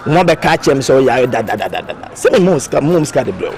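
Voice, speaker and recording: A man in a comedy drama scene, calling out to a group in an animated way. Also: medium pitch, fast, creaky, a little hiss or hum.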